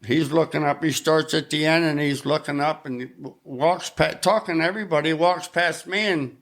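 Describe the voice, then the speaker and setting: Older man telling an animated story. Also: a little high, moderate pace. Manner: animated anecdote-telling, acts out quoted voices. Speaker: guest musician, drummer. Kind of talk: casual storytelling.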